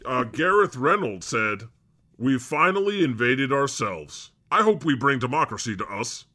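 Man plays grumpy, foul-mouthed God hosting a podcast; bright, sarcastic everyday voice. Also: mid-range voice, animated, measured pace. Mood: irritable, sarcastic. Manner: grumbly and sarcastic, swears often. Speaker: host. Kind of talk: improvised comedy podcast chat.

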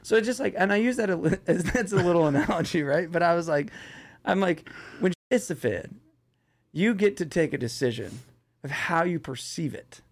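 A man with a fairly high voice talks as a guest in a casual interview, blunt and animated. He tells his stories with a loose, joking edge and often laughs through them. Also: a little fast. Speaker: entrepreneur guest.

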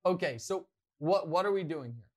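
A man hosting a podcast, telling a rambling, self-mocking story with lots of excitement. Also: high voice, moderate pace. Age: adult, past college. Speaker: podcast host. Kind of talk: animated storytelling.

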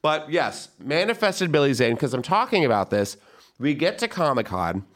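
Animated man telling a campy story. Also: on the high side, normal speed. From San Antonio, Texas. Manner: animated, camp, laughing at own jokes. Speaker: podcast host. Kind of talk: casual comedic storytelling.

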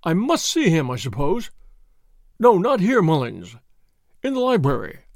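A man's voice: a little high, wildly swooping pitch, unhurried, a little mellow, dry recording, clean studio sound, exaggerated voice. A man voicing a distracted, flustered nobleman who talks abruptly.

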